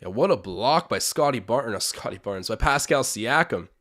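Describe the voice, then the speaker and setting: A man's voice: medium pitch, lively intonation, moderate pace, a bit bright. A young man hosting a live-stream watch-along, chatting opinions, calling plays and reading out viewer comments.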